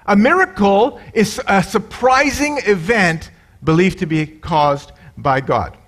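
Middle-aged pastor guy, kinda high voice, lively preaching w jokes, does the voices in his stories. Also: slow. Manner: animated, acts out quoted voices with loud high bursts. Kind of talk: sermon with jokes.

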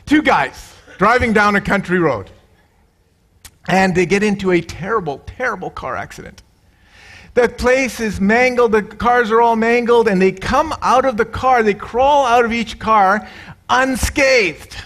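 A middle-aged male pastor preaching a sermon, animated, mixing jokes with scripture and acting out quoted voices. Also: a little slow. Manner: animated, acts out quoted voices with loud high bursts.

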